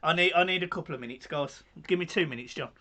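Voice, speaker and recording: A man's voice: on the high side, fast talker, bright, forceful tone. A man co-hosting a live football stream, emotional, sighing and swearing a lot as he thanks viewers. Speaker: co-host of a football watch-along stream. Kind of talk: casual live-stream chat.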